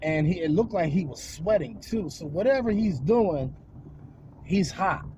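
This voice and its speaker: High-voiced man telling a rambling story. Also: unhurried, background noise. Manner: rambling, jokey, animated storytelling. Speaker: vlogger. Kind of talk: casual storytelling vlog. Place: outdoors on a windy day.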